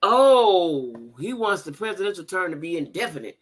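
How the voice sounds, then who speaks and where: A woman hosting a casual livestream chat, talking to her viewers in a blunt, animated and profane way, with repeated exclamations. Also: mid-range voice, moderate pace, few pauses. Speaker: livestream host reading viewer comments.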